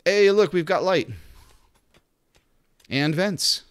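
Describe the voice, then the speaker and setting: A man's voice: high voice, slow pace, smooth. A man streaming a video game, chatting casually and talking to the game's characters. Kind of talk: casual gameplay commentary.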